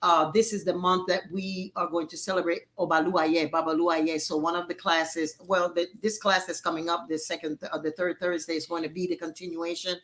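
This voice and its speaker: A woman's voice: fairly low pitch, little pitch movement, a little fast, few pauses, a bit bright. Woman praying from a distant, echoey mic. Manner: rhythmic, repeating invocations. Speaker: prayer leader. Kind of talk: spoken prayer. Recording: roomy, distant, noisy mic.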